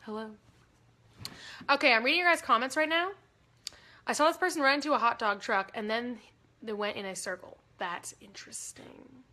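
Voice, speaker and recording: A woman's voice: a little high, normal speed, long pauses, sharp tone. A young woman hosting a casual livestream, chatty and giggly, rambling through stories. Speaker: livestream host.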